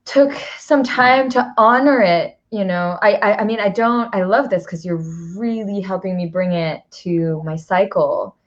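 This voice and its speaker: A woman hosts a casual conversation and speaks in a reflective way, laughing easily. Her pitch is medium. The recording sounds a little dull and muffled. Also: a little slow, few pauses. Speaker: host.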